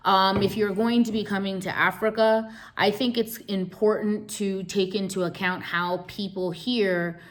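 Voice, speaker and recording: A woman host giving an emphatic business talk, repeating key words and checking in with "right?". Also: fairly low pitch.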